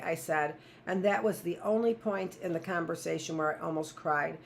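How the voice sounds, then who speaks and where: A woman's voice: lowish voice, normal speed, creaky, few pauses, slight background noise. A woman teacher reading a novel aloud in a plain, first-person storytelling voice.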